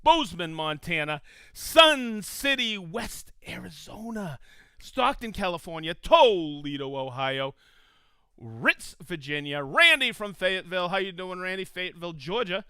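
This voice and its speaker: Upbeat high-voiced man hosting. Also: big pitch swings, measured pace, bright, forceful tone, clear, resonant tone, no room sound, clean studio sound. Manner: enthusiastic, reads out viewer locations. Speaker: host of a live tool show. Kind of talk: casual live-stream chat.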